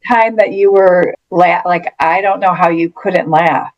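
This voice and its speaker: A woman's voice: fairly low pitch, steady tone, measured pace, dull audio. Female host, casual interviewer, curious and eager.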